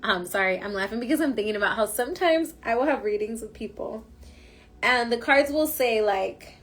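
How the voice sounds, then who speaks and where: A woman's voice: on the high side, animated, fairly quick, fairly bright tone. A woman giving a casual spoken tarot reading, emphatic and slangy, coaching her listeners. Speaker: tarot reader.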